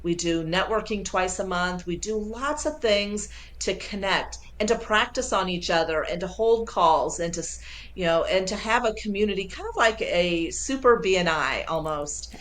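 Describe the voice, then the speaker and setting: A woman sales coach being interviewed over a video call, talking with lively enthusiasm and acting out quoted dialogue. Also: mid-range voice, moderate pace. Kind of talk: casual interview.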